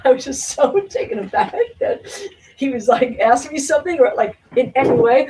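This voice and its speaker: A woman's voice: sits high, brisk, a little mellow. Rambling woman telling a story, off-mic. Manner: rambling, lots of fillers, swears freely, laughs often. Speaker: singer talking to an audience. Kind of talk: casual anecdote to a live audience. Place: indoor venue with small audience. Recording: distant mic with faint noise.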